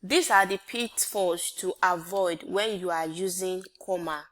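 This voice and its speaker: A woman's voice: fairly low pitch, unhurried, a bit bright. A woman teaching an English grammar lesson, repeating each point and quizzing her listeners with rhetorical questions. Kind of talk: classroom-style grammar lesson.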